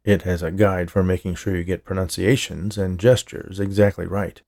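A man giving voice to a literal robot assistant, precise and deadpan, close to his own gravelly register. The gravel and rasp of the voice stay in every measured line. Dry, careful and wholly unimpressed. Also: low-pitched.

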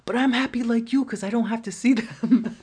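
A boastful man with broken English presses his luck, insistent and pitched up high, as a woman quotes him on her podcast. The voice stays husky and breathy. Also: brisk, darkish tone.

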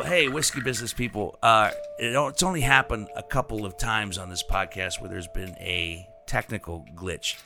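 A male podcast host chats casually, halting and circling back over his words. His voice is gravelly, with a faint music bed behind him. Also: fairly low pitch. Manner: halting, with frequent restarts and repeated words.

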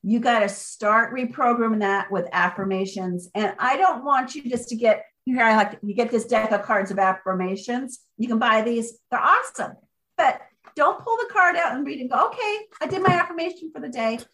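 A woman author being interviewed, speaking in an energetic, motivational way and driving her points home with repetition. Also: a little high, normal speed, poor audio. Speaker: author guest. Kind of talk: conversational interview.

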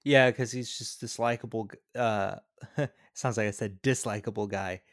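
A man's voice: on the low side, fairly even intonation, normal speed, no echo, studio quality. A man co-hosting a podcast, discussing a film in casual chat, thoughtful and a bit hesitant. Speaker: podcast co-host. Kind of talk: casual movie review chat.

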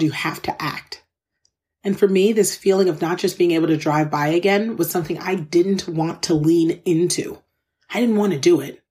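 On the low side, with a darkish tone, this woman's voice carries a personal story on her podcast. She talks straight to her listeners, candid, earnest and conversational, speaking from her faith and openly emotional about what she's remembering.

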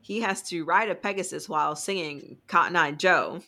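A woman's voice: lowish voice, normal speed, sharp tone. A woman co-hosting a podcast, casually recapping a book plot in a rambling way full of "like" and "um". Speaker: podcast co-host.

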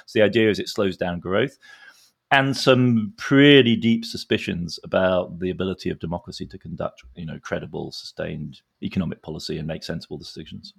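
Low-voiced man explaining at length. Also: creaky. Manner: explanatory, uses analogies. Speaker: expert guest. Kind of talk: analytical podcast discussion.

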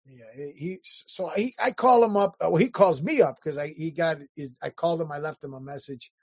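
A man telling animated, profane stories in casual chat, acting out the people he quotes. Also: on the high side, brisk, no room sound, highs cut off. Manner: animated anecdotes, profane, acts out quoted voices.

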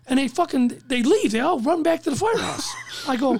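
Man, gravelly, casual storytelling, lively pitch, dry close sound. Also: fairly quick, no echo. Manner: animated, profane, acts out quotes.

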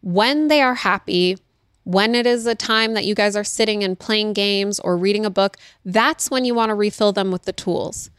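A woman's voice: mid-range voice, normal speed, clear, resonant tone, no room sound. Earnest parenting-advice woman, thirties, dry close sound, plain conversational delivery. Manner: earnest, explanatory, repeats key phrases. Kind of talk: casual advice talk.

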